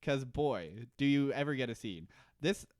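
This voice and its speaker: A man's voice: mid-range voice, lively intonation, no echo, clean studio sound. A man co-hosting a podcast, recapping a TV episode in casual, rambling chat with frequent laughs. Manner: rambling, laughing, quick to joke. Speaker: podcast co-host.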